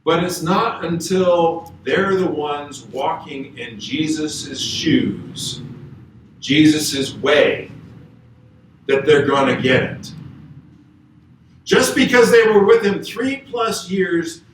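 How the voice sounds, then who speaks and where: A man's voice: on the high side, slow, background noise. A man guest preacher giving a conversational, emphatic sermon in a church and reading scripture aloud. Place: church sanctuary. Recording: echoey church hall from far off.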